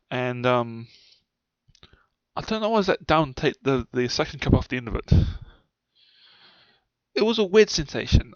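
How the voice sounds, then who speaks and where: Gravelly rambling young man, dry lo-fi sound. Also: mid-range voice, fairly bright tone, no echo. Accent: New Zealand. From New Zealand. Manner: rambling, swears often, trails off. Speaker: vlogger. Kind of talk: casual storytelling to camera.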